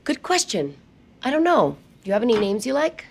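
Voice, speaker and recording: An actress playing a young woman with amnesia, speaking gently and uncertainly in film dialogue. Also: a little high, big pitch swings, a little fast, vocal fry, exaggerated voice. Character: young woman with amnesia choosing a new name.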